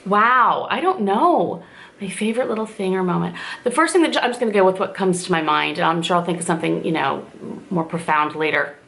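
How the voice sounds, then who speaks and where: Chatty gravelly-voiced Indiana woman. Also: on the low side, brisk, fairly bright tone. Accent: southern Indiana. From southern Indiana, USA. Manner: chatty, rambling, many fillers. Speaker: vlogger answering viewer questions. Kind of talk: casual Q&A chat to camera.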